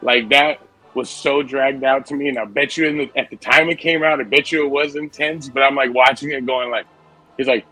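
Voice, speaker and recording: Bright-voiced man in rambling movie chat. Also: medium pitch, fairly even intonation, fairly quick, soft background music, poor audio. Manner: rambling, profane, enthusiastic. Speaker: podcast co-host. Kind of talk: casual movie discussion.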